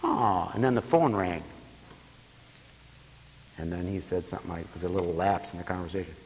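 A man's voice: low voice, fairly quick, long reverb tail. A man preaching a sermon to a radio audience, telling stories and acting out the voices of people in them.

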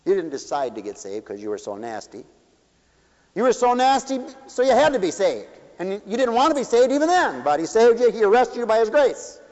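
A man preaching a sermon, swinging from loud declarations to hushed asides. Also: sits high, wildly swooping pitch. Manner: rapid asides to the audience. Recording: dull echoey hall recording.

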